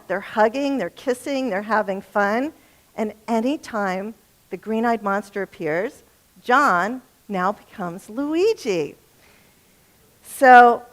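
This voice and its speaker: A middle-aged woman giving a talk on relationships to a live audience. She is chatty and humorous and often turns to the room with questions. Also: on the high side. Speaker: relationship speaker.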